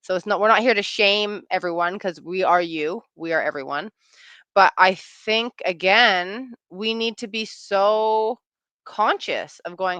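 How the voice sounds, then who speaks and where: A woman in her thirties, a relationship coach, answering interview questions in a chatty, animated way and acting out quoted lines. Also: medium pitch, measured pace, clean tone, dry recording.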